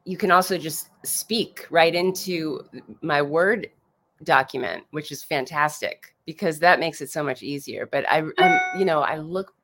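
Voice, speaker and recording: A woman's voice: deep voice, measured pace, fairly bright tone, slight background noise. A woman in her fifties, a podcast guest chatting casually, rambling with restarts and saying "like" a lot like a Valley Girl. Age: 50s. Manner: says "like" often, talks like a Valley Girl. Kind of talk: casual chat.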